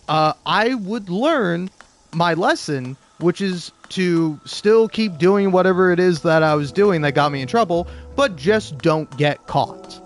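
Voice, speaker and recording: A man's voice: on the high side, expressive, unhurried, faint music behind. Rambling, profane young man ranting. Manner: rambling, many restarts and fillers, profane. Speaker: podcast host. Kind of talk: casual ranting anecdote.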